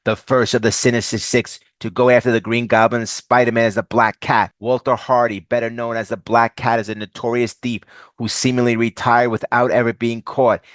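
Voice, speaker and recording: A man narrating a comic book summary in a steady, scripted way. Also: medium pitch, normal speed, dry recording. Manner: steady plot recounting.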